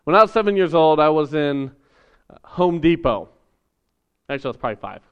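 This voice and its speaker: A man preaching a sermon in a relaxed, conversational way, acting out voices as he tells stories. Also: fairly high pitch, a little fast, smooth, highs cut off. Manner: conversational, animated storytelling with acted voices. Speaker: pastor.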